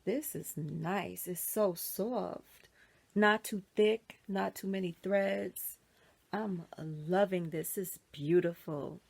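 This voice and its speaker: A woman's voice: lowish voice, slow, gravelly, a little hiss or hum. A middle-aged woman chatting casually in a wig unboxing vlog, talking to viewers as y'all, dropping into whispers and squealing with delight. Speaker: wig reviewer.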